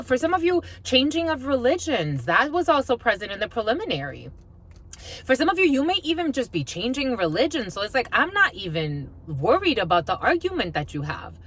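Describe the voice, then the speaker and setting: A woman's voice: mid-range voice, fairly bright tone, slightly rough. A woman giving a casual tarot reading, chatty and blunt, swearing freely and laughing as she talks. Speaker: tarot reader.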